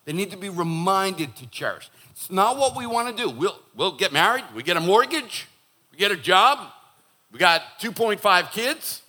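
Lively, bright-voiced man preaching. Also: sits high, moderate pace. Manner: animated and joking, acts out quoted voices. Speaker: pastor. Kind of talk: sermon. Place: church.

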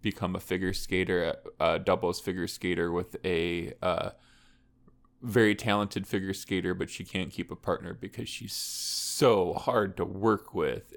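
A man's voice: sits low, fairly even intonation, measured pace, vocal fry. Laid-back man telling a rambling story. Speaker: podcast co-host. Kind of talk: casual chat.

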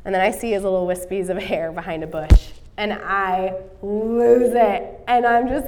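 A woman in her thirties gives an earnest sermon, weaving in a story from her own life. Her voice sits at a middle pitch and is picked up from a little distance away from the microphone. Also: steady tone, moderate pace, few pauses, a little mellow, slight background noise. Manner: earnest, storytelling, coughing now and then. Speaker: preacher.

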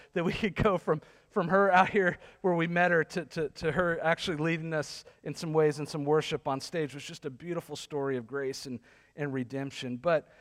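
A man's voice: a little high, big-room sound. A male pastor preaching a sermon, telling a story that builds to sarcastic intensity.

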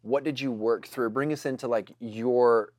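A man's voice: mid-range voice, fairly even intonation, measured pace, no room sound, studio quality. Chatty man telling a story. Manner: casual, chatty storyteller with frequent fillers. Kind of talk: storytelling talk to a congregation.

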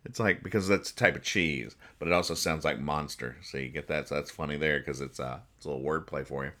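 A low-voiced man with a bright, forward tone, reading comic strips on a podcast. He explains each joke in a deadpan, rambling way with lots of fillers and restarts. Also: quick pace. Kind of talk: casual comedic comic reading.

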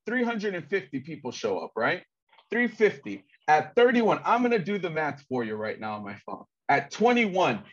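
A man's voice: sits high, dull audio. A male comedian hosting a podcast, talking casually and profanely while walking through the numbers. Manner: animated, profane, explains with numbers.

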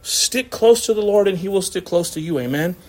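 Pastor, male, high-pitched, conversational sermon with frequent laughs. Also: animated, brisk. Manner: conversational, laughing often, acts out quotes.

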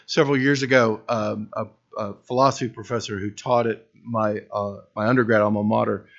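A man's voice: lowish voice, fairly even intonation, fairly quick, creaky, a bit bright. A man preaching a sermon as pastor, earnest and building to emphatic peaks, with wry self-deprecating humor. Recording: dull lo-fi recording.

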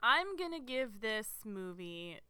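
A woman's voice: a little high, sing-song, slow, bright, forceful tone. A young woman co-hosting a casual movie review podcast, joking and wry. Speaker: podcast co-host.

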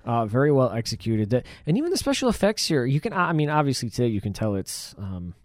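A man co-hosting a casual podcast, enthusiastically discussing film effects and chiming in with quick agreements. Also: mid-range voice, very animated, no echo, studio quality. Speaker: podcast co-host.

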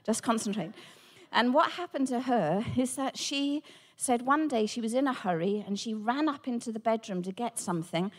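A woman, a Christian speaker, telling a personal testimony with animated storytelling and acted-out dialogue. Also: a little high, moderate pace. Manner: animated, acts out quoted dialogue.

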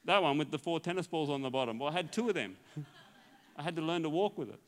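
A man's voice: on the high side, animated, fast. A male pastor telling his healing testimony as a sermon, acting out the dialogue in a storytelling way and laughing often.

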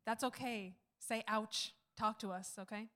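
A woman's voice: a little high, steady tone, a little slow, bright, forceful tone. A woman, the pastor's wife, talking casually at church on a handheld mic, rambling into side stories. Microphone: handheld microphone.

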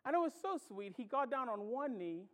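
High-voiced animated preaching man. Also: moderate pace. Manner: animated preaching, swinging from loud exclamations to hushed asides; tells stories and acts out reactions. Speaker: pastor. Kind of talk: sermon.

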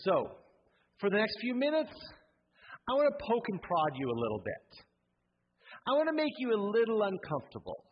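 Husky-voiced man preaching a sermon. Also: sits high, huge pitch swings, moderate pace, long pauses. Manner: storytelling with jokes, building to rousing exhortation. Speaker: pastor. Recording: dull sound with long hall reverb.

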